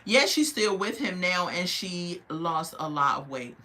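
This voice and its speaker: Animated woman reviewing a TV show. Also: fairly low pitch, measured pace. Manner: animated, outraged, then emotional and soft. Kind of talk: casual commentary.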